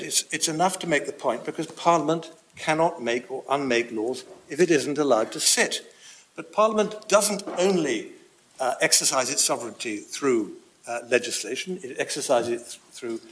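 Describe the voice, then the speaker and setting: A man making a formal courtroom argument, speaking in a halting way with frequent pauses. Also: mid-range voice, a bit bright, slight background noise. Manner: formal, halting with many uh's. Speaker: barrister.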